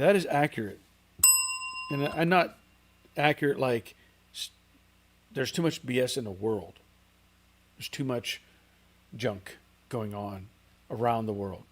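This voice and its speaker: Middle-aged male livestream host, casual and rambling, mid-pitched. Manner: chatty, rambling, reads out viewer comments. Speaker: host of a car channel livestream.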